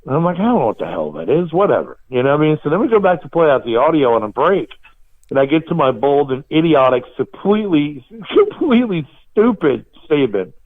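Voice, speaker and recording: A man hosting a podcast, telling animated stories and laughing at himself in casual chat. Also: on the high side, a little fast. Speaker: podcast host. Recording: tinny phone-like line.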